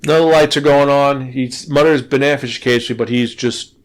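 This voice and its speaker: A man hosting a podcast, casually retelling a manga plot in an animated way, with swearing and frequent stumbling restarts. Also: medium pitch, fast talker. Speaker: podcast host and manga reviewer.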